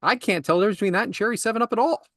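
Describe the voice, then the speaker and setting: High-voiced man ranting animatedly. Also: very fast, dry recording, studio quality. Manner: animated ranting storyteller, laughs often. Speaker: podcast host. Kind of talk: casual podcast chat.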